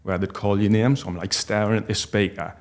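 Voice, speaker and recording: A man, telling a personal story as a podcast guest in a halting, heartfelt way with many restarts. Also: lowish voice, fairly even intonation. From North East England. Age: 40s.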